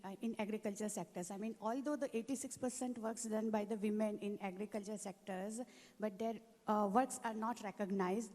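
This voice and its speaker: A woman from India answers a panel question in a mid-pitched voice. She pauses and fills often as the long reverb of a large hall rings around her. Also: darkish tone. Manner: hesitant, many fillers. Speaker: panelist, entrepreneur.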